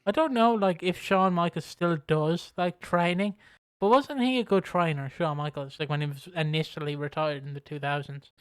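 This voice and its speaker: A man's voice: fairly high pitch, moderate pace, clear, resonant tone, no room sound. A man co-hosting a wrestling podcast in casual, rambling, profane chat. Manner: rambling, profane, frequent voice impressions. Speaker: podcast co-host.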